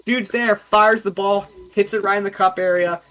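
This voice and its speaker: A young man with a slightly high voice tells umpire stories on a casual podcast. He is animated and jumps into character voices for the quotes. He talks as an umpire explaining the game. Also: normal speed, a loud crowd. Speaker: baseball umpire and podcast host.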